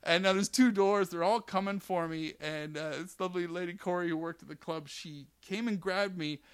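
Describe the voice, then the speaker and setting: A man's voice: high voice, moderate pace, smooth, no room sound, studio quality. A middle-aged man, a comedian co-hosting a podcast, telling a story casually and acting out the quotes. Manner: animated storyteller, acts out quotes. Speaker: comedian co-host. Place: studio couch.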